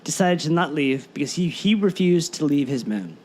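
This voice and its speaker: A man co-hosting a podcast in casual chat, animated and rambling, often stumbling over his words. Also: a little high, moderate pace, a little hiss or hum. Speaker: podcast co-host.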